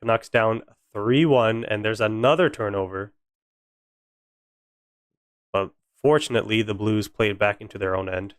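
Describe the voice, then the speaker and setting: A man's voice: lowish voice, unhurried, pauses often, clean tone, dry recording, clean studio sound. A young man giving fan play-by-play on a live stream, frustrated and sarcastic about his team. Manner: exasperated, sarcastic fan commentary.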